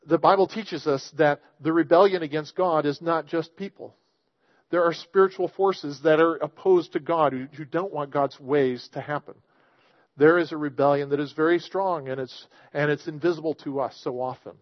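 A man preaching a sermon in a fairly high voice, earnest and emphatic as he reads scripture and explains it. The sound is dry and a little dull. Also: normal speed, no room sound. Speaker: pastor.

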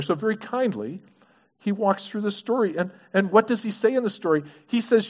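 Animated male preacher, lo-fi sound. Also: high-pitched, normal speed. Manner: asks the congregation questions, animated and earnest. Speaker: pastor. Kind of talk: sermon. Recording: dull lo-fi recording.

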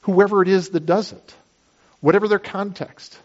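A man's voice: high voice, fairly even intonation, moderate pace, highs cut off. Man preaching a conversational sermon. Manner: conversational, uses everyday illustrations. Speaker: pastor.

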